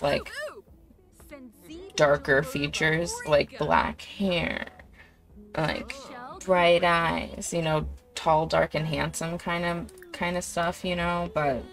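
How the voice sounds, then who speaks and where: Slow gravelly-voiced woman gamer. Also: deep voice, fairly bright tone. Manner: chatty, giggly, full of "like". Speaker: let's play creator. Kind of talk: casual life-sim game commentary.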